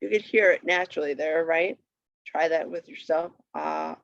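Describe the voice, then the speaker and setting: A patient teacher works through a Hebrew primer on a shared screen, saying each word twice for the learner. The voice is mid-range, creaky, and fairly bright at a moderate pace, on a dull lo-fi recording with slight background noise.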